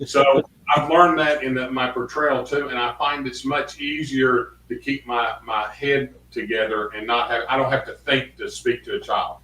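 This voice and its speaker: A man who hosts the show and portrays Santa, talking in a relaxed, hesitant way. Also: mid-range voice, normal speed, slight background noise. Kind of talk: casual studio chat. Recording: roomy sound, distant from mic.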